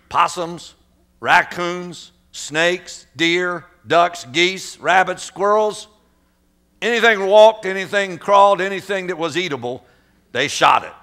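Animated man preaching, bright forceful voice. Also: sits high. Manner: animated storyteller, acts out sounds and quotes. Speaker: pastor. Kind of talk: sermon with storytelling.

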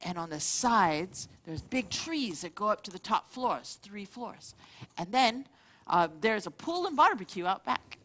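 A woman's voice: mid-range voice, animated, a little slow, a bit bright. A woman as game master, describing a heist job in a playful, laughing way. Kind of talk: narrating a tabletop game.

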